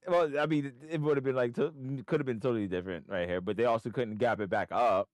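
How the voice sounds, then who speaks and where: Wearing headphones at a desk microphone, a man hosting a home trading livestream talks quickly in a mid-range voice, musing aloud in loose, rambling commentary. The sound is studio quality with no room sound.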